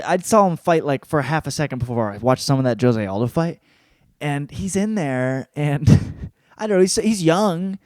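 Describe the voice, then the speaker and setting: A man's voice: a little high, darkish tone, dry recording. Profane, rambling young man, dry sound. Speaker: podcast host. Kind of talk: casual solo sports recap.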